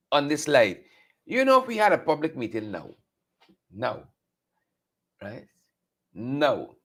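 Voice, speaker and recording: A man hosting a live morning show from a studio, chatting, repeating phrases and greeting viewers by name. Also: a little high.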